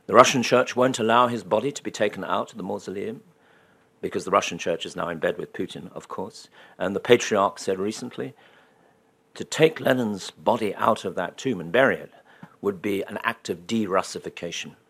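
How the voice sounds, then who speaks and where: Deep-voiced guy lecturing, kinda husky, dry sarcastic humor. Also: fairly quick, fairly bright tone. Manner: wry, dry humor with ironic asides. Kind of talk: public lecture.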